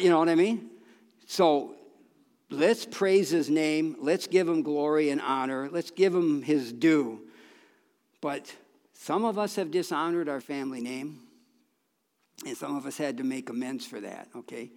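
A man's voice: on the high side, normal speed. A man preaching a sermon in a folksy, conversational way, with restarts and bursts of emphasis. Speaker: pastor. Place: church sanctuary. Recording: long reverb of a church hall.

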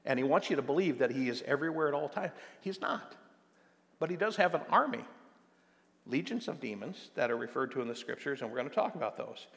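An older American pastor preaches in a church sanctuary, drawing out key words for emphasis. His voice carries a gravelly edge, and the sound hangs in a long hall reverb. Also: mid-range voice, animated, a bit bright. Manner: emphatic preaching with slow stressed phrases and many fillers. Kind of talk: sermon.

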